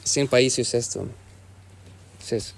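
A man's voice: mid-range voice, measured pace, creaky. Young man telling a story casually. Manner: easygoing, many fillers like "you know" and "like".

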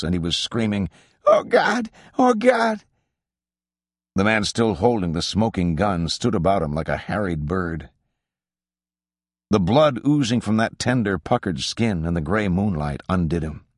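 Deep-voiced man reading a novel. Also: dry recording, clean studio sound. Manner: measured, even literary reading. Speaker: audiobook narrator. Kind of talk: scripted narration of a literary novel.

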